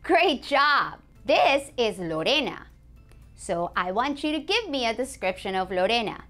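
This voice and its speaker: A woman teaching a beginners' language lesson, a native Spanish speaker who says example phrases slowly and clearly and praises the learner. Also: on the high side, big pitch swings, fairly bright tone, soft background music. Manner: clear, slow modeling of example phrases, encouraging.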